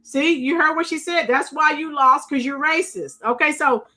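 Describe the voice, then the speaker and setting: Bright-voiced woman hosting live commentary. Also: sits high, normal speed. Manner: chatty, addresses viewers and chat, frequent fillers. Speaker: host reacting to clips. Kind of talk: casual live-stream commentary.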